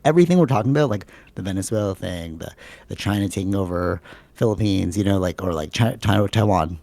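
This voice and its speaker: Male podcast co-host, low and gravelly, rambling casual talker. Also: lively intonation, fairly quick, a little mellow, no echo. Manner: rambling, filler-heavy, says "like" and "bro" a lot.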